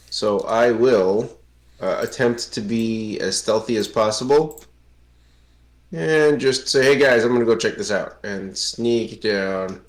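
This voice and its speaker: A man playing a tabletop game, who describes his character's actions plainly and deliberately. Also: mid-range voice. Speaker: player. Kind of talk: casual tabletop game chat.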